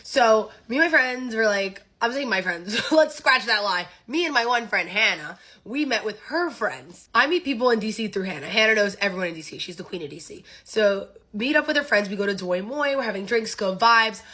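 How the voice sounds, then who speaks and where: A young woman telling a casual storytime, animated and laughing, acting out the dialogue. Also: medium pitch, fairly quick, few pauses. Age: young adult.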